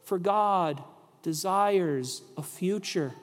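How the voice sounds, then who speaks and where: A man preaching a sermon as pastor, slow and deliberate, asking rhetorical questions. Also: high-pitched, in a large hall.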